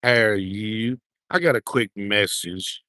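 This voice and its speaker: A man's voice: lowish voice, slow, sharp tone, no echo. A man hosting a casual livestream, chatting in a folksy, drawling way from a handheld camera rig. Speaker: livestream host. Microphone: handheld gimbal camera.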